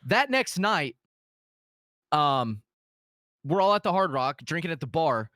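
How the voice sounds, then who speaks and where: A man telling a story in casual podcast chat, animated and full of profanity. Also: a little high, a little slow, no room sound, studio quality.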